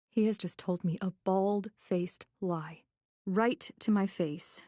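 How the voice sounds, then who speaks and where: A woman's voice: on the low side, slow pace, mellow, dry recording, studio quality. Woman narrating a tense thriller. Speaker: audiobook narrator. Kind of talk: first-person thriller narration.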